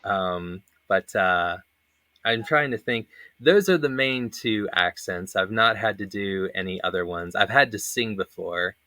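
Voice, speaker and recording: A man's voice: fairly low pitch, a little slow, bright, forceful tone, no echo. A man in his thirties hosting a casual panel chat, telling rambling stories with lots of fillers and frequent laughter. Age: 30s. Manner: laughs often, rambling anecdotes with many fillers. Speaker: panel host.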